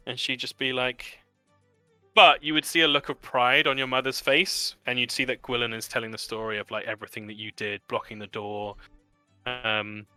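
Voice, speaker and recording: A man narrating a tabletop game as game master, in a relaxed, chatty way with many fillers. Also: medium pitch, moderate pace, clean tone, soft background music.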